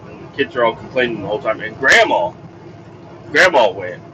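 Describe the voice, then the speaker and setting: A man's voice: lowish voice, sing-song, fairly quick, lo-fi sound. A middle-aged man telling a rambling, exasperated story full of swearing, recorded while driving in a car. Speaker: podcast host. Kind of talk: casual profane storytelling. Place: in a moving car. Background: faint vehicle noise.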